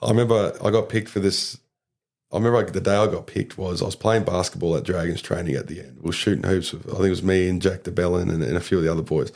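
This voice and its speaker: A man's voice: low voice, fast, creaky, darkish tone. A young Australian man, a podcast guest, telling a story in casual chat and rambling with lots of fillers. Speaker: podcast guest, rugby league player.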